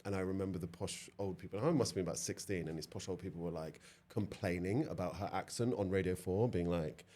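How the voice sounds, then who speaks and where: A man in his thirties from London hosts a relaxed podcast chat. His voice sits fairly low, and he talks in a loose, chatty way with lots of "like", often breaking into laughter. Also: quick pace, few pauses. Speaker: podcast host. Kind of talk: casual interview chat.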